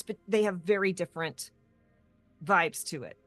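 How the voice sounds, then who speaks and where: Give me an animated woman co-host rambling through a casual gaming chat, recorded dry. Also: mid-range voice, no room sound, soft background music. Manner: animated, rambling with quick tangents. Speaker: co-host of a tabletop gaming talk show.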